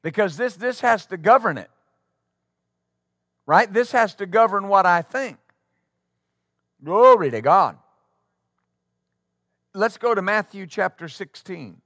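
A male pastor preaching a sermon to his congregation in a church, talking conversationally and then breaking into loud exclamations. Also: high-pitched, animated, slow pace, pauses often, no room sound, clean studio sound. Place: church sanctuary before a congregation.

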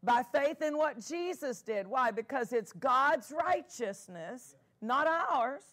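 A woman's voice: high-pitched, animated, takes it slowly, fairly bright tone. A woman pastor preaching a sermon, emphatic and repeating key phrases, asking the congregation for amens.

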